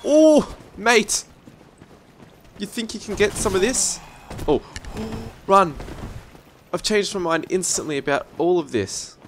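Excitable man yelling at a game. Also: sits high, moderate pace, a little hiss or hum. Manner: excitable, yelps and swears at the game. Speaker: let's-play gamer. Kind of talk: gameplay commentary.

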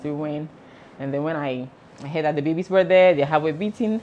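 A woman's voice: deep voice, brisk, a little mellow, slight background noise. A young woman giving a chatty, emotional pregnancy update and mixing in pidgin phrases. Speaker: vlogger. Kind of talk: casual pregnancy update vlog.

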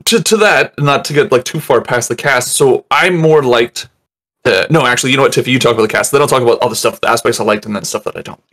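Man, casual movie-review host, rambles, curses, mimics scenes; mid pitch. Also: fast talker, fairly bright tone. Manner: rambling, swearing, acts out scenes in voices.

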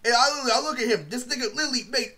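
A man's voice: extremely high pitch, fast talker, sharp tone. A young man telling a rambling, profane story in a casual vlog, full of fillers. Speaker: vlogger.

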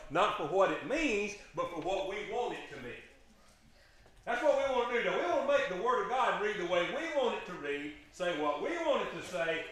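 A preacher delivers an impassioned sermon in a high, bright voice. His pitch swings widely as he presses his congregation with emphatic questions. The sound rings through an echoey church sanctuary.

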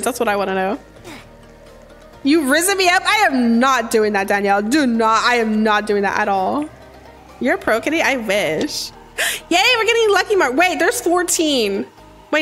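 A woman hosting a live gaming stream, bubbly, greeting and thanking her chat nonstop with excited gasps. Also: high-pitched. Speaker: live-stream gamer host.

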